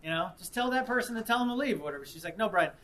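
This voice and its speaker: A man preaching, mixing reflection with an animated story in which he acts out the people involved. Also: sits high, very fast. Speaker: pastor. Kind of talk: sermon with storytelling.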